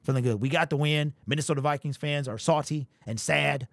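A man's voice: on the high side, steady tone, a little fast, vocal fry, dry recording, clean studio sound. A man hosting a fan commentary channel, talking in an amped, emphatic way and repeating his points. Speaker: sports channel host.

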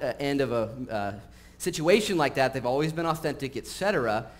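A man preaching a sermon in a church, talking casually with frequent fillers and getting animated as he tells stories. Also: medium pitch, brisk, hardly any pauses. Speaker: pastor. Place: church sanctuary. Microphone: live-streamed recording.

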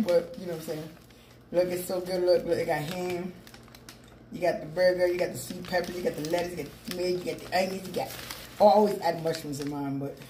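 A woman's voice: lowish voice, a little mellow. A middle-aged woman rambling casually to her viewers in a mukbang vlog, calling them "people", recorded on a phone with a small mic at home. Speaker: vlogger. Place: room at home. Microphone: phone with small clip-on mic. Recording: echoey room, faint background hum.

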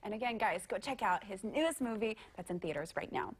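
A woman's voice: mid-range voice, expressive, a little fast, a little hiss or hum, low-quality recording. A woman hosting a TV morning show, interviewing a guest in an upbeat, chatty way. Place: TV studio.

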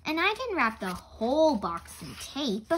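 A woman's voice: sits high, wildly swooping pitch, unhurried, a bit bright, a little hiss or hum, exaggerated voice. A woman voicing an orderly, worried female schoolteacher in a children's storybook reading.

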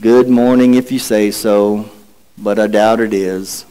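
A man voicing a gloomy, self-pitying old male donkey in a slow, droning way. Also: fairly low pitch, steady tone, dark tone, clear, resonant tone, pitched below the performer's own voice, lightly acted, low-quality recording. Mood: mopey.

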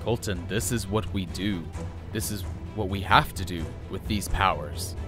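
A man's voice: low-pitched, normal speed, over music, lightly acted. A man voicing a patient, firm superhero father who lectures earnestly.

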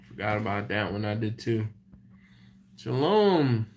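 Casual livestream host chatting with viewers. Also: male voice, fairly low pitch, measured pace, slight background noise. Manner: laughing, animated storytelling. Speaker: BBQ channel host on a livestream. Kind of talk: casual chat reading viewer comments.

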